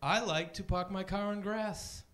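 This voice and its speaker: A man doing a chatty stand-up comedy set on a club stage, deadpan, often jumping into high voices for other people. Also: unhurried.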